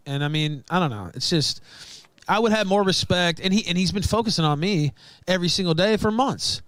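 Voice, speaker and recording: A man's voice: high voice, a little fast, fairly bright tone, no room sound. A man streamer complaining in an aggrieved, rambling and profane way.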